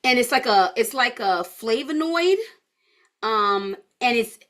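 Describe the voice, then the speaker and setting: Tired woman coach, higher pitch, casual live-class banter. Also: lively intonation, takes it slowly, a bit bright. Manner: chatty and informal, addressing viewers as y'all. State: tired, yawning. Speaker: holistic health coach. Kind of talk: live online class, casual talk to viewers.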